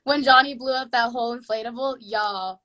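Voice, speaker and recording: A young woman, the guest on a casual live Q&A, talking in an animated way, laughing often and swearing casually. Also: a little high, brisk.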